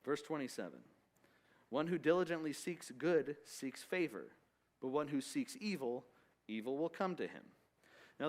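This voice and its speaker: A man leading a Bible study, teaching in a loose, conversational way with asides and restarts. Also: on the high side. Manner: casual, rambling with restarts and asides.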